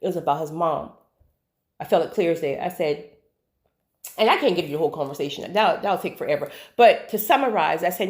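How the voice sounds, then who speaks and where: Talking a little fast at a fairly low pitch, a woman tells the viewer a personal story. Her monologue is casual and lively, and she often doubles up words for emphasis.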